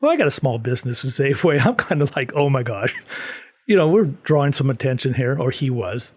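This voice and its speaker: A man's voice: medium pitch, fast talker. A middle-aged man, a podcast guest, telling a story in casual chat and acting out the quotes. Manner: animated storyteller, acts out quotes.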